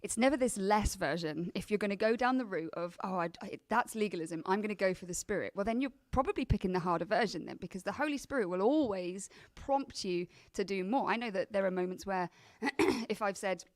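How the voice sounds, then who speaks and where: A woman's voice: medium pitch, animated, fairly quick, few pauses, dry recording. A woman in a casual podcast discussion, speaking earnestly and with emphasis. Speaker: podcast guest.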